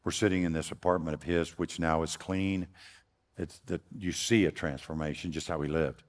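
Loud, deep-voiced older man preaching. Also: fairly even intonation, normal speed. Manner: loud, folksy and earnest. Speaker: guest preacher. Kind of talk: storytelling sermon. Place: church sanctuary. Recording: long hall reverb.

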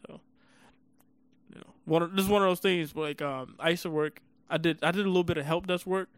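A man's voice: fairly high pitch, steady tone, a little fast, clear, resonant tone, no room sound, studio quality. A man co-hosting a podcast, telling stories in casual chat and laughing often. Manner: laughs often, playful storytelling. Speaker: podcast co-host.

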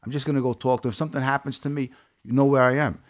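A man's voice: medium pitch, fairly even intonation, rapid-fire. A man from Brooklyn with a Brooklyn accent, speaking as a guest. He tells his story in a blunt, streetwise way, often quoting the dialogue. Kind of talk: casual interview storytelling.

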